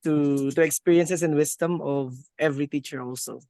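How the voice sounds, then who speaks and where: A man's voice: a little high, steady tone, normal speed, mellow, no echo, studio quality. A man, a teacher applicant, answering hesitantly and stammering on a video call.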